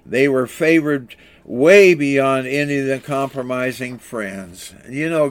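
A man preaching a sermon and telling a folk story, earnest and plain-spoken, with halting restarts. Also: mid-range voice, clear, resonant tone.

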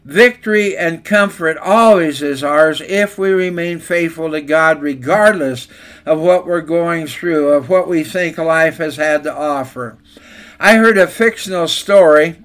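Earnest man preaching, slightly high voice. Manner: earnest storytelling, occasional slips and self-corrections. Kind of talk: sermon.

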